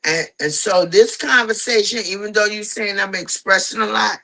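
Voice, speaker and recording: A woman's voice: medium pitch, moderate pace, creaky, few pauses, sharp tone, rough recording. A middle-aged woman telling a personal story in casual chat, animatedly acting out the voices of the people she quotes. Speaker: guest telling her story.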